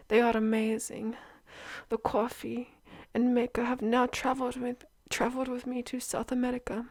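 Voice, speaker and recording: A woman voicing a delighted coffee reviewer in a put-on accent, softly spoken. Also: on the high side.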